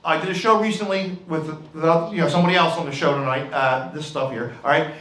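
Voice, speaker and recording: Talking fast in a fairly high, slightly bright voice with a steady tone, a middle-aged Philadelphia comic works a club stage. His set is brash and rambling, full of "all right" and "okay," recorded in an echoey room with crowd noise.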